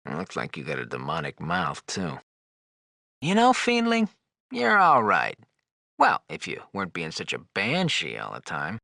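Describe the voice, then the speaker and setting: A floating skull with a smart mouth and no shame. His gravelly voice leaps from low grumbles to high, mocking squeaks, and he flirts and needles without pause. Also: huge pitch swings, bright, forceful tone, no echo, clean studio sound, heavily acted. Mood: wisecracking. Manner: teasing, flirtatious, sarcastic banter. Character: wisecracking, leering floating male skull. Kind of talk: video game dialogue.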